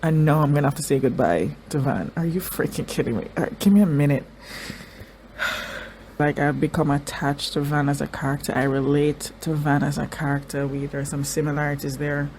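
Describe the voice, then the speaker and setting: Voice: medium pitch, fairly even intonation, a little fast, darkish tone, slight background noise. Tearful, stammering reaction vlogger. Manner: emotional, stammering and restarting sentences. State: crying. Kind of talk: casual reaction commentary.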